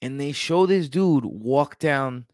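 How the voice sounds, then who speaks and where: A man's voice: mid-range voice, animated, takes it slowly, a little mellow, no room sound. Male co-host, casual slang-heavy chatter, rambling, dry close sound. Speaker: podcast co-host. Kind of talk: casual chat.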